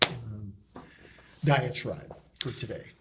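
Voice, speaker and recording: A man with a medium-pitched voice speaks as a guest in a discussion. He is earnest and emphatic and often restarts his sentences. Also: takes it slowly, very noisy. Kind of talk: casual discussion.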